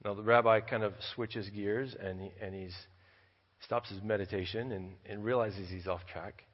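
A man's voice: lowish voice, fairly even intonation, in a large hall, highs cut off. A missionary man preaching a sermon, reading scripture and telling a story, often repeating words as he goes. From United States. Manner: halting, repeats words while building a story. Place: church.

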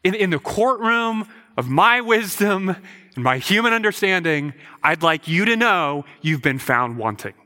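A man's voice: high voice, sing-song, unhurried, sharp tone. A man preaching a sermon, emphatic, posing rhetorical questions and often repeating words as he goes. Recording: reverberant hall.

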